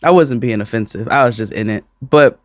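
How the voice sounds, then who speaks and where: A man co-hosting a podcast in casual chat, animated and profane, often breaking into laughter. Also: medium pitch, fairly quick, no echo. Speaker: podcast co-host.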